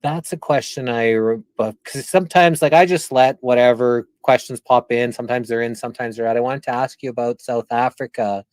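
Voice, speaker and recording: A man from Canada hosts a casual interview, asking long, rambling questions in a reflective way. His voice sits at a middling pitch and sounds dry and close. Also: fairly even intonation, a little fast, hardly any pauses, dry recording. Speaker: interviewer, channel host.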